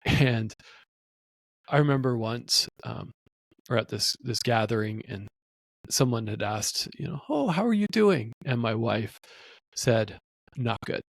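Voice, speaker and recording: A man's voice: fairly low pitch, steady tone, takes it slowly, vocal fry, pauses often, no room sound. A middle-aged man hosting a podcast, speaking earnestly and supportively as he shares stories. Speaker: podcast host. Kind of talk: podcast conversation.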